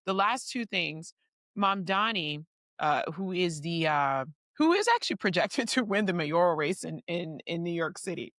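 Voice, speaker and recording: Woman co-host, lowish voice, chatty storyteller, dry sound. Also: lively intonation, normal speed, a bit bright, no room sound. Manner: chatty storyteller, laughs through her stories. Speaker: podcast co-host. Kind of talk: casual chat.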